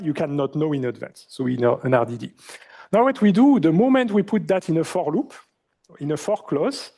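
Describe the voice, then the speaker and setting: Male lecturer, French accent, mellow tone. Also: high-pitched. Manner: asks the class questions, many fillers. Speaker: university lecturer. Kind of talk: university lecture. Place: lecture hall.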